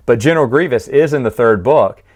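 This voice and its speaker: A chatty man recapping a book series, pitched in the middle of the male range. He rambles informally, restarts his sentences, fills pauses and laughs along with his own stories. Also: darkish tone. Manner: chatty, laughs often, frequent restarts and fillers. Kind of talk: casual spoken recap.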